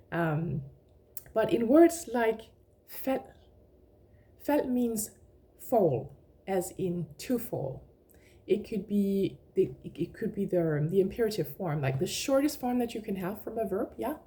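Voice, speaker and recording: A woman with a Danish accent teaching her native language in a casual lesson, chatting with small laughs and repeating words slowly to show how they sound. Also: mid-range voice, warm tone.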